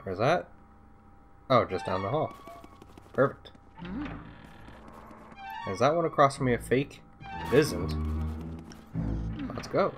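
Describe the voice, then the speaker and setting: A man playing a video game and talking to himself, with excited outbursts and swearing. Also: mid-range voice, slow, pauses often, soft background music. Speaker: let's play host. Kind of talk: gameplay commentary. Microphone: desktop USB mic.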